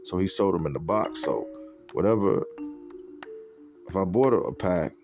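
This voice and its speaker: This podcast host tells a personal story in a loose, profane, conversational style, dropping fillers like "you know what I'm saying" as he goes. His voice is low-pitched with lively intonation and a moderate pace. Music plays in the background.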